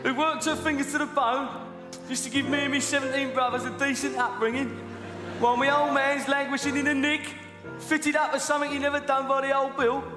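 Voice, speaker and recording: A man's voice: very high voice, flat delivery. A man playing a young Cockney petty thief who tells a self-pitying sob story, live on a theatre stage. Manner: whining sob story, quick to give in. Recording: echoey live theatre, music behind.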